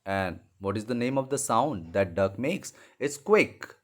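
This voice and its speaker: A man with an Indian English accent teaching English to young children, explaining slowly and repeating words, often switching into Hindi. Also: lowish voice, expressive. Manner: slow, repetitive explaining, mixing in Hindi; apologises and corrects himself mid-lesson. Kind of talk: online classroom lesson for young children.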